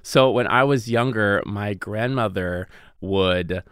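A man's voice: on the low side, slow pace, a bit bright, clean tone, no echo, clean studio sound. A man chatting on a podcast as a guest chef, playful and giggly, with lots of "like" fillers. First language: Cantonese. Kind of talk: casual podcast chat.

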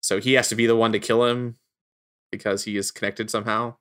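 Bright-voiced man, playful podcast co-host. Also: fairly low pitch, brisk, clean tone. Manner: laughs often, relaxed and playful. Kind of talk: casual podcast chat.

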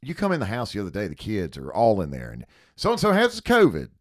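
Wry man with wildly swinging pitch. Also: wildly swooping pitch, fast talker, darkish tone, dry recording, studio quality. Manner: wry, teasing, dramatic swings in delivery. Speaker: podcast co-host. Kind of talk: casual chat. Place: studio.

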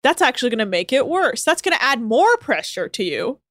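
A woman co-hosting a podcast chats in an animated, sweary way, tossing in quick asides. Her voice sits high and swoops widely. It is recorded close and dry, with no room sound. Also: no room sound. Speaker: podcast co-host. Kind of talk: casual podcast chat.

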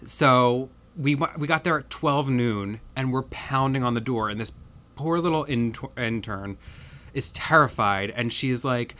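An American man in casual podcast chat, telling animated, self-mocking travel stories. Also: mid-range voice, normal speed. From United States.

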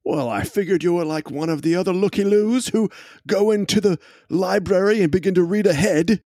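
A man's voice: on the high side, a little mellow, no echo, studio quality, pitched above the performer's own voice. A man voicing a pompous, fussy townsman who scolds in formal, old-fashioned speech.

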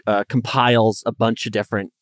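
A podcast co-host in casual conversation, animated and playful when retelling stories. The sound is close and dry, with no room around it. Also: mid-range voice, a little fast, dry recording. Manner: animated, acts out quoted chatbot lines. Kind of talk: casual chat.

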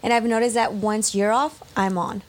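Teasing woman co-host on a live podcast, slightly high voice, laughs a lot. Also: fairly even intonation, normal speed. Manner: playful, teasing, laughs often. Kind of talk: casual live podcast chat.

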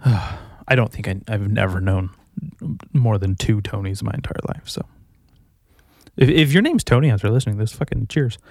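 A man's voice: fairly low pitch, expressive, moderate pace, darkish tone, no room sound, studio quality. A young adult man hosting his own podcast from a bedroom at home, rambling, swearing freely and poking fun at himself. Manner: rambling, profane, self-mocking. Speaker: podcast host. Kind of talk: casual solo podcast chat. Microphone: new desktop recorder.

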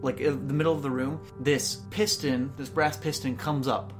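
A woman's voice: rumbling low, fairly even intonation, normal speed, music in the background. A woman narrating as game master, describing scenes loosely with many filler words. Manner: casual, lots of "like" fillers.

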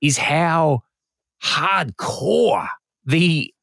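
A man's voice: fairly high pitch, very slow, gravelly, fairly bright tone, dry recording. Chatty guy host, laughs a lot, dry close mic. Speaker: podcast host. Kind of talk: casual chat.

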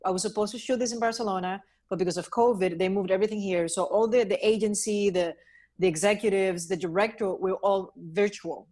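Woman, casual chat, animated, exclaims often, mid-range voice. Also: medium pitch.

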